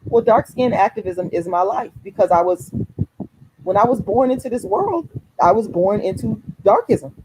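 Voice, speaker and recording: A woman talks straight to her livestream viewers at an ordinary pitch, fiery and emphatic. She swears freely and hammers her points home by repeating them. It is a casual but heated chat. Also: expressive, normal speed, background noise. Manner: addresses viewers directly, repeats phrases for emphasis. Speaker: activist livestream host.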